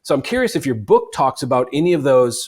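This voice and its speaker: A man's voice: medium pitch, very animated, fast, darkish tone, breathy edge. Man rambling through an interview question. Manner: rambling, hesitant questions with asides. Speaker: podcast host.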